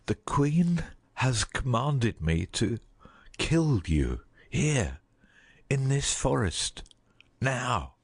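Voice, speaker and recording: A man playing an anguished, husky huntsman. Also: mid-range voice, big pitch swings, exaggerated voice. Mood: grieving. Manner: slow, heavy, pleading delivery. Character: anguished loyal huntsman torn by duty.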